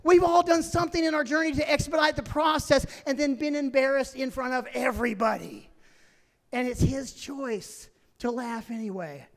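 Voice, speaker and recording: A middle-aged man doing stand-up storytelling, animated, swinging between loud shouting and hushed whispers. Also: very high voice, moderate pace. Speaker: stand-up comedian. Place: large theater stage. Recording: reverberant theater sound.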